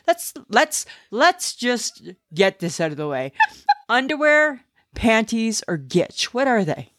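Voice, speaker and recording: A woman co-hosting a podcast, chatting casually and playfully, with rambling, drawn-out remarks. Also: on the high side, big pitch swings, fairly bright tone, no room sound, studio quality. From Canada. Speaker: podcast co-host. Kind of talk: casual chat.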